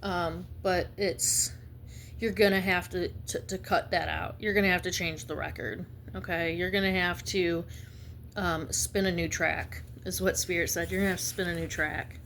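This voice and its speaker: A woman giving a spiritual reading in a blunt, fervent way, halting often to restart her sentences. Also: fairly low pitch, fairly even intonation, fairly bright tone, slight background noise. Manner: emphatic, halting with many restarts; blunt and fervent, slips into slang. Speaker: intuitive reader.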